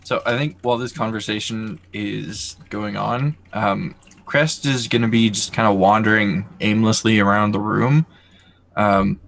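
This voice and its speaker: A man playing in a tabletop game, slow and laid-back as he describes his character's moves. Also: fairly low pitch, vocal fry, a bit bright. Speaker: player. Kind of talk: casual tabletop game play.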